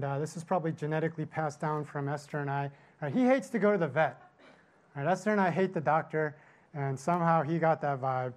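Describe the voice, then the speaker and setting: Chatty pastor, slightly high voice. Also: male voice, darkish tone. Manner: storytelling with constant "right?" tag questions. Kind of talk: conversational sermon.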